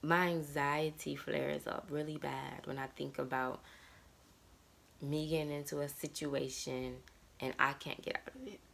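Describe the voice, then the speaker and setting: A woman's voice: deep voice, gravelly, fairly bright tone. A woman in her thirties talking candidly and emotionally about her life in a personal vlog monologue. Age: 30s. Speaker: vlogger.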